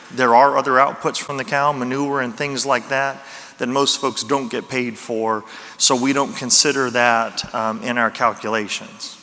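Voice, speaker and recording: Brief: male speaker, Louisiana drawl, easygoing conference talk, bright tone, booming hall. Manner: folksy, self-deprecating humor. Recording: reverberant hall.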